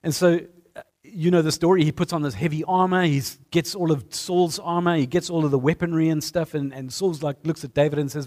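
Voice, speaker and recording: Emphatic male preacher, higher voice. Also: fairly quick, darkish tone. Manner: emphatic, repeats phrases for effect. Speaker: pastor. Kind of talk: sermon.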